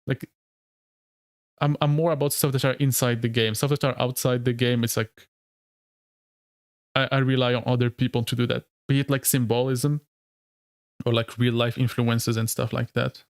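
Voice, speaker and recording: A male streamer talks loosely with his viewers at a middling pitch. He rambles, leans hard on filler words and laughs often. The mic is close and the sound is dry, with no room echo. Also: flat delivery, normal speed, pauses often. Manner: rambling, heavy use of "like", frequent laughs. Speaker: streamer and lore video creator. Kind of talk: casual live-stream chat.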